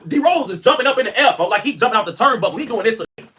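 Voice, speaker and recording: Fast, high-energy streamer man. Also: husky. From Chicago. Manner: loud, excitable, trash-talking, heavy slang. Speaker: livestream host. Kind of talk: casual livestream storytelling.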